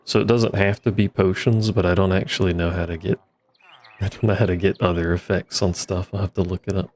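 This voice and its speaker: Male streamer, lowish voice, easygoing rambling play-by-play, wry humor, desk mic. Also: steady tone, fairly quick, a little mellow. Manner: laid-back, rambling, wry asides to himself. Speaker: streamer playing a modded block-building game. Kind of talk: casual gameplay commentary.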